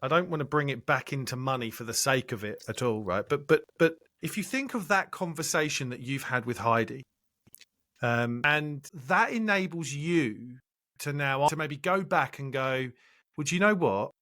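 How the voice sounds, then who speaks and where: A male podcast host thinking out loud and reflecting on the guest's story. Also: mid-range voice, lively intonation, moderate pace. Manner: thoughtful, repeats himself while building a point. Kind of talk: conversational interview.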